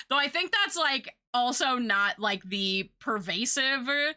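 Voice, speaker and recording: A woman's voice: fairly high pitch, animated, takes it slowly, pushed and bright. A young woman streamer chatting casually with her viewers, rambling and filling her talk with "like" and "uh". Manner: chatty, rambling, filler-heavy.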